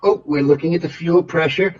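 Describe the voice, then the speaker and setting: A man's voice: on the high side, fairly quick, dull audio, close to an everyday voice. A man playing a flustered, flamboyant airline pilot who rambles and stammers through repeated words in an improvised comedy bit. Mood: rambling. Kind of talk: improvised comedy role-play over radio chatter.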